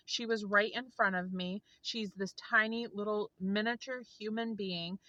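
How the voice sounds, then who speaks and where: Woman vlogger, earnest storyteller, bright and tense, dry close sound. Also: mid-range voice, dry recording, low-quality recording. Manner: earnest, heartfelt, rambling with restarts. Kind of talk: casual storytelling to camera.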